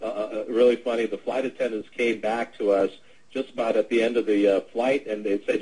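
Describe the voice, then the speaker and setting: A man's voice: mid-range voice, steady tone, normal speed, a little mellow, husky, poor audio. A middle-aged man presenting a webinar, telling a sales anecdote in a casual, rambling way with many fillers and restarts. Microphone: webinar audio.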